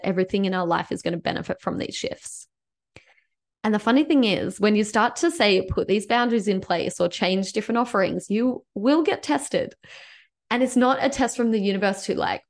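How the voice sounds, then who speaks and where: A woman talks alone on her business podcast in a loose, chatty way. She is upbeat and encouraging, sprinkling "like" through her sentences. Her voice sits at an ordinary middle pitch for a woman. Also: a little mellow. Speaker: podcast host and business coach. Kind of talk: casual solo podcast monologue.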